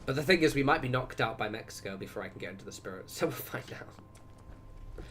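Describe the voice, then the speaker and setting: A young man talks casually to his audience while he plays. His delivery is rambling and full of self-interruptions, and his voice sits at an ordinary middle pitch. A faint low rumble of noise runs underneath. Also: animated, fairly quick, fairly bright tone. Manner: rambling, self-interrupting, chatty asides to viewers. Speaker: streamer. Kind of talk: casual gaming livestream chat.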